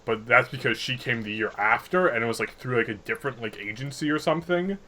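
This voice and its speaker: A man's voice: mid-range voice, quick pace, pushed and bright. A young man co-hosting a casual podcast, talking in a rambling, sarcastic way with frequent laughs. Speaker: podcast co-host.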